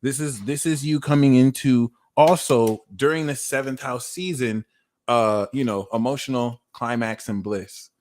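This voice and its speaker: A man in his thirties giving a livestream tarot reading, talking in a blunt, animated way and swearing freely. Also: mid-range voice, measured pace. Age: 30s. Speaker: tarot reader.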